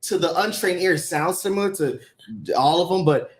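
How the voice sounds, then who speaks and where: A singer-songwriter with a Haitian accent, chatting as a podcast guest, animated and quick to laugh, sometimes jumping into high joking shouts. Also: male voice. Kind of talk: casual interview chat.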